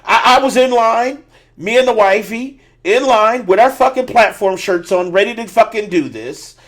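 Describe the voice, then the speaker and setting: High-voiced man on a profane rant. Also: expressive, normal speed, fairly bright tone. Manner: profane, ranting. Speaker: podcast host. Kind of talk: casual chat.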